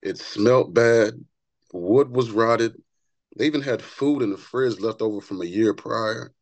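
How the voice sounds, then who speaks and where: A man, a barber and author, telling stories as a podcast guest in an earnest, animated way, often repeating words as he gets going. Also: lowish voice, a little slow, no room sound, poor audio. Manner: repeats words when excited. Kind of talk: conversational interview storytelling.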